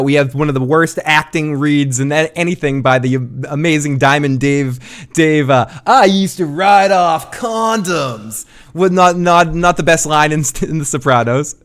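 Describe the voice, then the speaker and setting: A man with a Boston accent hosting a live show commentary, animated and quick to swear. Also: fairly high pitch. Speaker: podcast host.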